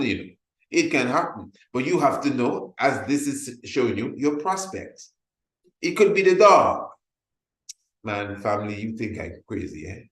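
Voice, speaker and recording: A man presenting a motivational sales webinar. He talks emphatically, repeats his points and acts out little scenes to make them. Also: mid-range voice. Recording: roomy echo.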